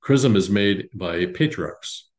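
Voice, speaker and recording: Low-voiced priest guy, chatty and halting, lots of restarts, talking to his parish. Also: lively intonation. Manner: halting, many restarts and fillers, conversational. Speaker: Orthodox priest. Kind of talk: informal parish teaching talk.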